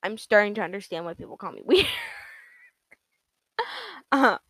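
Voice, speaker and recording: A woman's voice: mid-range voice, expressive, moderate pace, fairly bright tone, dry recording. A young woman hosting her own podcast, talking casually in a rambling, giggly way full of "like" and "um.". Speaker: podcast host. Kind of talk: casual solo podcast monologue.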